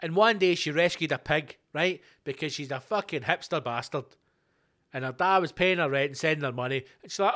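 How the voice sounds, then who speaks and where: A Scottish man rants through his own podcast with a high, lively voice. He swears freely and slips into quick acted-out exchanges between imagined people. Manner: sweary, animated, acts out little dialogues. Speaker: podcast host. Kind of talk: solo comedic rant.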